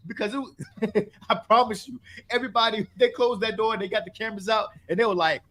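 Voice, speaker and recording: A man's voice: high-pitched, fairly quick, a bit bright. A man hosting a sports podcast in casual, profane chat, often acting out what other people say.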